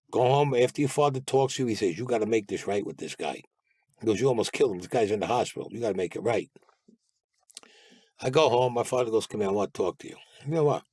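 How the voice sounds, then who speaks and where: A blunt man recounts his stories in an interview, with plenty of swearing and acted-out dialogue. His voice sits at an average pitch. The recording is dry and close. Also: a little mellow, breathy edge, dry recording. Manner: blunt, profane, acts out quoted dialogue. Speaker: guest recounting past crimes. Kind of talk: storytelling interview.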